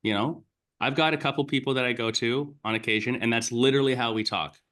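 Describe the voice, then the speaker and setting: A man's voice: medium pitch, fairly even intonation, quick pace, sharp tone. A man business coach in casual chat, blunt and emphatic, swearing freely as he explains his point step by step.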